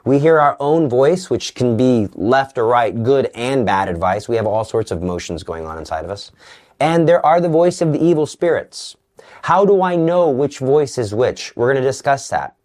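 A man giving an earnest Catholic teaching talk in a sermon style, dropping to a hush for quoted voices. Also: mid-range voice, expressive, moderate pace. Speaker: Catholic preacher.

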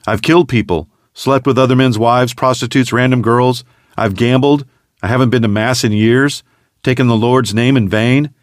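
Man voicing a guilt-ridden tough guy, bitter, strained, low voice, dry recording. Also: expressive, a little fast, no room sound. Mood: anguished. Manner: strained, rising in pitch when upset.

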